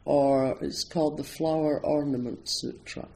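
Creaky and dark-toned yet on the high side, this Scottish Zen priest and meditation teacher's voice stays steady and unhurried. He gives an informal, chatty talk to an audience, self-deprecating and packed with ums and you-knows. The recording is low quality.

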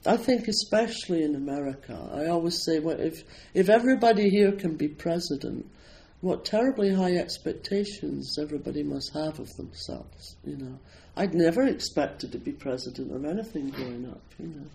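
This Scottish Zen meditation teacher and priest speaks at a moderate pace with few pauses, his fairly high, slightly raised voice showing vocal fry. His talk to the live audience is relaxed, self-deprecating and full of ums and you-knows. Faint room hum runs through the low-quality recording.

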